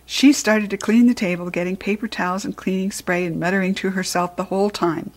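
A woman narrating a children's storybook in the first person with an expressive read-aloud delivery. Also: medium pitch, brisk. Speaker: storybook reader.

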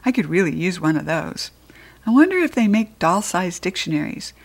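A woman reading a children's story aloud in the first person, in a lively, expressive and playful way. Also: lowish voice, moderate pace. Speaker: audiobook reader.

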